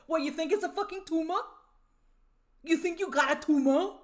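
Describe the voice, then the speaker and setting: A woman's voice: very high voice, sing-song, unhurried, pauses often, a bit bright. A woman streamer in a casual, profane rant, mocking and exasperated as she reacts to a clip.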